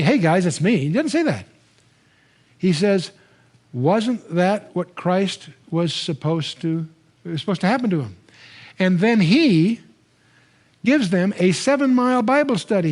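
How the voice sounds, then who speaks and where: Older male Bible teacher, high-pitched, animated storyteller, talks to the room with restarts. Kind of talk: Bible teaching lecture to a live audience.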